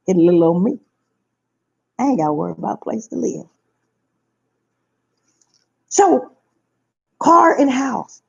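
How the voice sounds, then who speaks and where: A woman's voice: fairly high pitch, vocal fry, warm tone, breathy edge. A woman, telling a personal story to her viewers in an emphatic way that repeats her phrases. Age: 50s. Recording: dull lo-fi recording.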